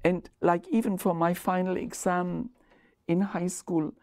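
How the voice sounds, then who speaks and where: A former principal whose first language is German speaks with a German accent in a reflective interview. Her voice is on the low side, unhurried and darkish, and she sounds earnest and thoughtful, choosing her words carefully.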